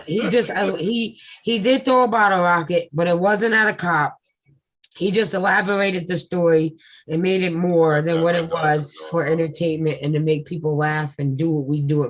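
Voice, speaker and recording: A woman hosting a casual livestream panel chat, blunt and quick to swear and laugh. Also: on the low side, poor audio. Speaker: panel host.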